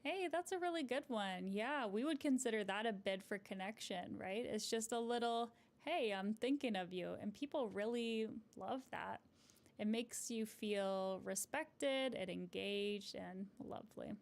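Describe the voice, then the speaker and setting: Woman, couples therapist, live advice stream; mid-pitched, conversational, encouraging, checks in with "right?" often. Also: a little slow, vocal fry. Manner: gentle, encouraging, explanatory. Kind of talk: live-streamed advice chat answering viewer comments.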